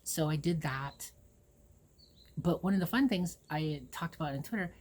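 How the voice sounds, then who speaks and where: A woman's voice: deep voice, normal speed, darkish tone. A woman in her forties from Ohio, hosting her own show and telling personal stories in a rambling, candid way, swearing freely and acting out what people said. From Ohio, USA. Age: 40s. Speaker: host. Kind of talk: casual personal storytelling.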